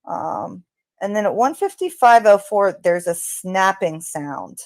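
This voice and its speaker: A woman hosting a true crime channel, talking casually in an unhurried, hesitant way with frequent ums. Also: mid-range voice, expressive, dry recording. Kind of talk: casual spoken commentary.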